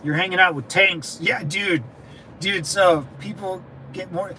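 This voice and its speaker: A man's voice: high voice, a little slow, pushed and bright, a little hiss or hum, rough recording. A man in his thirties telling loose stories to his viewers, laughing often and saying "dude" and "man" a lot. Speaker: veteran channel host. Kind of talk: casual storytelling chat.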